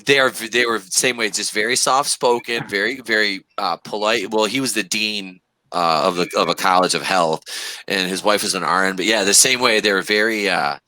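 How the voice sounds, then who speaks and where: A man's voice: lowish voice, fairly quick, bright, forceful tone, no echo, rough recording. A man co-hosting a casual podcast over a remote call, often repeating words as he searches for them. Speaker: podcast co-host. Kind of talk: casual chat. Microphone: remote call setup.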